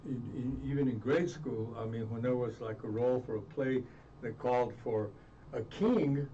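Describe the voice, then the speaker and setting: A man recalls his past in an earnest, halting way, circling back and restarting his sentences. He sounds far from the microphone, and the sound is dull and slightly noisy. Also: mid-range voice, dark tone. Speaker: interview guest. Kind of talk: reflective storytelling. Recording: distant muffled mic with faint noise.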